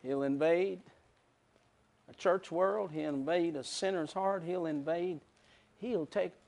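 A man's voice: a little high, slow, vocal fry, a little mellow. A man preaching a sermon, telling a story with emotive swells.

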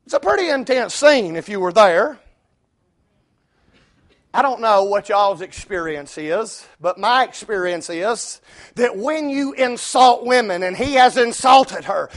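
A male preacher, delivering a sermon that swings from low asides to shouted climaxes. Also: expressive, measured pace.

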